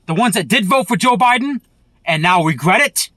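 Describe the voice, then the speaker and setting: High-pitched man in a profane rant. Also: animated, moderate pace, pushed and bright, dry recording. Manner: profane, heated, repetitive. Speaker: vlogger. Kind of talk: angry political rant.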